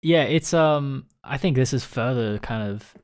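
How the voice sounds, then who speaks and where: A man's voice: medium pitch, a little slow. A man co-hosting a podcast, searching for words in a casual, hesitant chat. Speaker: podcast co-host.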